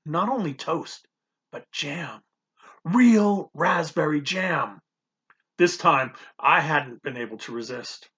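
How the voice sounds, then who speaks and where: A man narrating an audiobook in the first person, expressive and nervous in tone. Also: a little high, slow pace.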